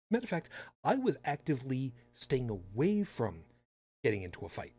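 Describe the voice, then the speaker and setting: A man's voice: lowish voice, huge pitch swings, moderate pace, mellow, slightly rough. A man hosting a podcast in casual chat, talking with sarcastic, rambling asides. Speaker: podcast host.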